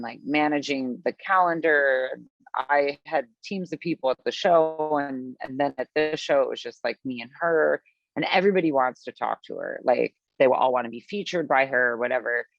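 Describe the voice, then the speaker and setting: A woman from the Midwest, a podcast guest telling a long story in a chatty, animated way, full of fillers and acted-out quotes. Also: a bass voice, moderate pace, no echo. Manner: animated, chatty, filler-heavy, acts out her own past lines. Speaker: podcast guest, business founder. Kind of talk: storytelling in conversation. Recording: dull, lo-fi, dry sound.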